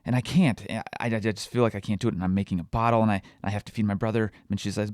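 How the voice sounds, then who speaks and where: Speaking solo on his parenting podcast, a man in his thirties opens up in a confessional, reflective monologue that is quietly emotional. He frequently stops, uses fillers and restarts, and his fairly low, fairly even voice is captured close-up, dry and echo-free.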